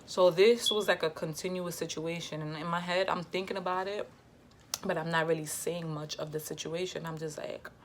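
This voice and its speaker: A young woman, telling a casual storytime in a lively, slangy way and quoting herself and others. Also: on the low side, moderate pace, background noise. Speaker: vlogger.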